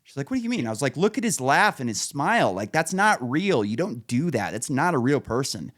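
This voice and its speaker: A man's voice: medium pitch, very animated, brisk, fairly bright tone. A man hosting a podcast, telling rambling, profane stories in casual chat and laughing at his own punchlines. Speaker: podcast host.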